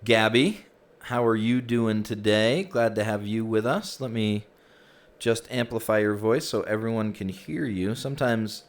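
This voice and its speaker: A man with a low, deep voice welcomes people into a virtual room, talking in a relaxed, chatty way full of little fillers. The sound is close, as through a headset microphone. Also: measured pace. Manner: easygoing, chatty, frequent "you know" and "um". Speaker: host of a virtual reality group session. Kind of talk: casual group hosting.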